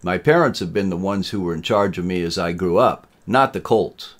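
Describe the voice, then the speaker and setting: A man's voice: low-pitched, moderate pace, natural voice. A man voicing a young male student who speaks hesitantly and bluntly. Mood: questioning.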